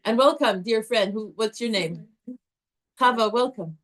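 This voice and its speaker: A woman teaching a live Torah class to a group, animated and chatty, restarting her sentences often. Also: fairly high pitch, measured pace.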